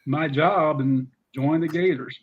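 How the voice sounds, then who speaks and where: A middle-aged man with a fairly high voice recounts his coaching days in an animated, rambling way, full of "you know" asides. The recording sounds a little dull and muffled. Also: a little slow, breathy edge. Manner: animated storyteller with many fillers. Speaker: guest, former football coach. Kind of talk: casual storytelling interview.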